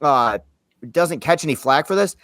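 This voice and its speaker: A man's voice: on the high side, expressive, normal speed, fairly bright tone, no echo. Brief: opinionated male co-host, dry close recording, casual chat. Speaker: movie podcast co-host.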